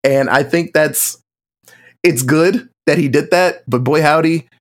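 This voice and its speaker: A man in casual movie-podcast chat, telling stories with lively quoted voices. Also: a little high, a little slow. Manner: animated storytelling, acting out quotes in shifting voices. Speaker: podcast co-host or guest.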